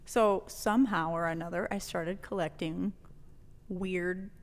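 A woman from New Mexico telling a personal story in casual conversation, animated, swearing freely and laughing often. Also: medium pitch, moderate pace, long reverb tail. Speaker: podcast guest telling a story.

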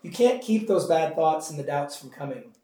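Guy pastor teaching bible class, chatty with lots of ums, mellow voice, sounds far from the mic in a roomy echoey space. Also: on the high side, expressive, normal speed. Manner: conversational, with many fillers and asides to the class. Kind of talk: informal Bible study teaching. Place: church classroom.

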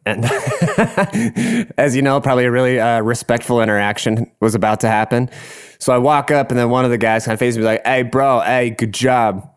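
A man's voice: medium pitch, lively intonation, a little fast, clear, resonant tone. A young man casually telling a rambling, profane story, laughing as he goes.

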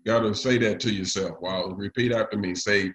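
A man preaching a sermon to his congregation, often pausing with fillers. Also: on the low side, fairly even intonation, fairly bright tone, slight background noise, poor audio. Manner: leads the congregation in call and response; halting, with frequent pauses and fillers. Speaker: pastor.

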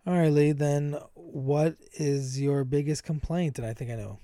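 A man's voice: fairly high pitch, warm tone. A man co-hosting a podcast in casual chat, asking follow-up questions and chiming in. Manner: quick interjections and follow-up questions. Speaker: podcast co-host.

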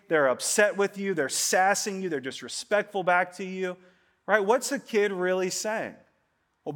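A man in his late thirties, pitched rather high, preaching a sermon in an easygoing, chatty way. He jokes along and keeps checking in with his listeners with a quick "right?". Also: a bit bright. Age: 30s. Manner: conversational, joking, asks the crowd "right?". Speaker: pastor.

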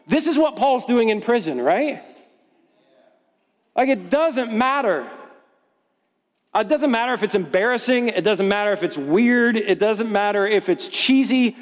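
High-voiced casual preacher in a reverberant hall. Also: male voice. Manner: casual, conversational, playful and self-deprecating. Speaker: pastor. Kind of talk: sermon with storytelling.

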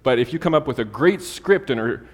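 A male preacher at a middle pitch who talks to his congregation casually and with humor, moving between stories and scripture. His voice carries a long, lingering reverb, as if heard in a large hall. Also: a little fast. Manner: conversational and humorous, with lively asides and Bible readings. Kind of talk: sermon.

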